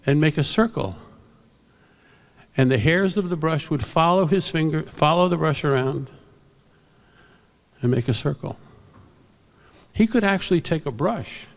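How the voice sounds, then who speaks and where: Gravelly older man telling stage anecdotes. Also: fairly high pitch. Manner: rambling, animated anecdotes with self-corrections. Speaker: veteran comic book inker and speaker. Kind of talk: anecdotal storytelling speech at an awards ceremony. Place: large convention hall. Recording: long hall reverb.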